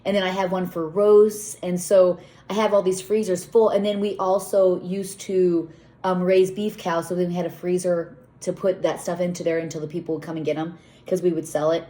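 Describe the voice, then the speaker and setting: A dark-toned, low voice with flat delivery and a moderate pace belongs to a middle-aged woman who owns a farm and vlogs. She rambles casually while touring outdoors in the cold, often chatting with her animals.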